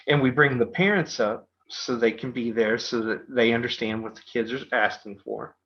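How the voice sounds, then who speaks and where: Middle aged dad host rambling thru a story, lots of ums, mid-pitched voice, muffled sound. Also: male voice, steady tone, fairly quick, fairly bright tone. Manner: rambling, full of fillers and restarts. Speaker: podcast host. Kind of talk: casual storytelling. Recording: dull lo-fi podcast audio.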